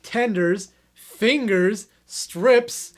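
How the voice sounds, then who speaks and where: A man's voice: high voice, extremely slow. A man co-hosting a comedy podcast, reading out fan questions in an easygoing way with many fillers. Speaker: podcast co-host. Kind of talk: casual comedic chat.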